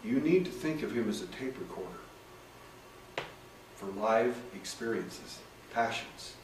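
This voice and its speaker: A man's voice: on the low side, animated, measured pace. A man telling case stories to an audience as a hypnotherapist, acting out the dialogue in raised voices. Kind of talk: talk with audience questions. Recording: echoey room, far from the mic, faint noise.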